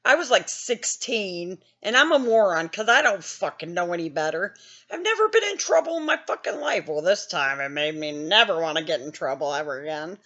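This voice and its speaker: A woman's voice: on the low side, sing-song, brisk, pushed and bright, muffled recording. An older woman hosting a gaming channel, telling a story in a blunt, self-mocking way with lots of swearing. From Wisconsin, US. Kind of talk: casual storytelling.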